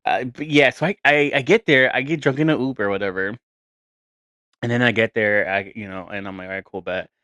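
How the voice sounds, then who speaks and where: A man's voice: lowish voice, brisk, pushed and bright, no echo, clean studio sound. Profane, rambling man in his thirties. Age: 30s. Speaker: podcast host. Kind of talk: casual storytelling monologue.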